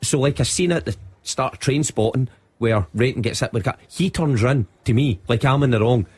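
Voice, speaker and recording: A man's voice: mid-range voice, brisk, darkish tone, slightly rough. A Scottish man, a football pundit, telling a funny story on a radio show and laughing as he goes. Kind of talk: animated anecdote on sports radio. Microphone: studio microphone.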